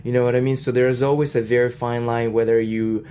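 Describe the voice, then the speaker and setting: A woman with a Russian accent, a professional dancer and choreographer, chatting in an interview with lots of fillers and quick bursts. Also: rumbling low, flat delivery, mellow, slight background noise. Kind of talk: casual interview talk.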